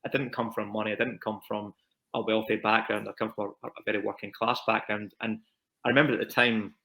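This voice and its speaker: Fast-talking Scottish man, low and flat. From Scotland. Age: 30s. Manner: quick, rambling with repeated words. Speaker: property investor guest. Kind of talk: conversational interview storytelling.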